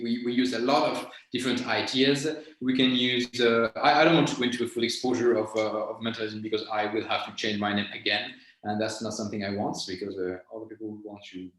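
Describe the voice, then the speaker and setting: A man, a guest mentalist in an interview, speaking in a halting way as he searches for words. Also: mid-range voice, a bit bright. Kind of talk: conversational interview. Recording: very echoey room.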